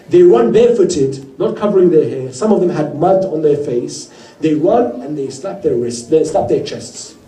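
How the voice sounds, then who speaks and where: A man giving a religious sermon to a gathering, telling stories earnestly and voicing the people in them. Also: a little high. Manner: earnest storyteller, quoting others in lively voices. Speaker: speaker at a mourning gathering. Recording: roomy hall heard from a distance.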